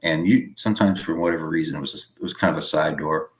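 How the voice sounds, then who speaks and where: A man with a Boston accent telling a long personal story in casual chat, halting and full of fillers. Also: rumbling low. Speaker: podcast guest.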